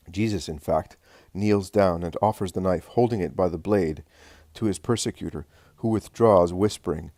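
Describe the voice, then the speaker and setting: A man narrating religious prose in a steady, even reading voice. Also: deep voice, normal speed, no echo, studio quality.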